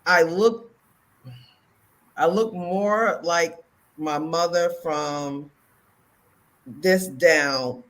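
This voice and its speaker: A woman's voice: sits low, extremely slow, pauses often, low-quality recording. A woman co-hosting a talk show, chatting casually and acting out quotes with big swings in her voice. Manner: animated storyteller, acts out quotes loudly. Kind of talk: casual chat.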